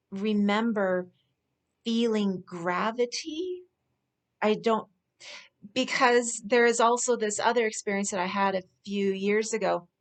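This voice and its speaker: A woman speaking as a spiritual speaker, telling personal stories in an earnest, unhurried way with soft laughs. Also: medium pitch. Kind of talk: personal storytelling monologue.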